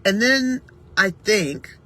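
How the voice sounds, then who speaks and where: Woman doing her morning encouragement vlog, bright but kinda husky voice, chatty and reflective. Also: medium pitch, lively intonation, slow pace. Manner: warm, reflective, conversational, with gentle faith references. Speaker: vlogger giving morning encouragement. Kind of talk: casual motivational talk.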